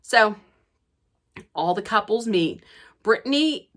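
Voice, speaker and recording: A woman's voice: mid-range voice, expressive, slow pace, a bit bright. A woman chatting casually as she recaps a reality show, telling it like gossip and acting out the quotes. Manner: gossipy, chatty retelling that acts out quoted dialogue. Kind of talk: casual chat.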